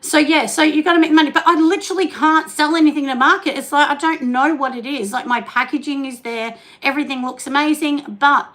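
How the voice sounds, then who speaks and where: A woman's voice: high voice, steady tone, brisk, few pauses, a bit bright, rough recording. A middle-aged Australian woman chatting casually on a livestream, greeting viewers and talking about her soap business, with lots of fillers. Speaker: soap maker hosting a livestream. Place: home studio.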